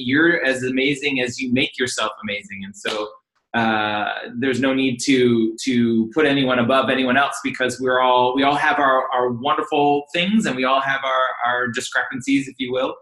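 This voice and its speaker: A man's voice: medium pitch, moderate pace, bright, forceful tone, reverberant, poor audio. A man in his forties from Seattle, speaking reflectively and hesitantly in a casual chat, with many restarts.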